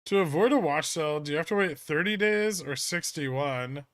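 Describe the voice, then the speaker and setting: A man's voice: fairly high pitch, lively intonation, normal speed, a bit bright, no room sound. A man hosting a casual trading livestream, reading chat questions and answering with dry, sarcastic humor. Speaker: livestream host.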